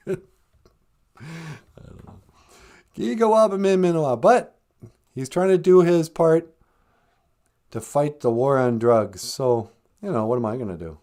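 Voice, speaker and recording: A man's voice: mid-range voice, slow pace, pauses often, dark tone. A man hosting a comedic podcast, joking sardonically and laughing at his own jokes. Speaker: podcast host.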